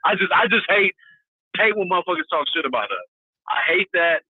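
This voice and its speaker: Animated man on a tinny phone line. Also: sits high, a little fast, husky, dry recording. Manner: animated, profane, emphatic rambling. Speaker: co-host. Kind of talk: casual sports talk.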